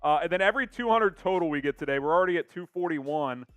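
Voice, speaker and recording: A man's voice: a little high, lively intonation, fast talker, a bit bright, no room sound. A young man hosting a casual sports live stream, reading out viewer comments in an upbeat way.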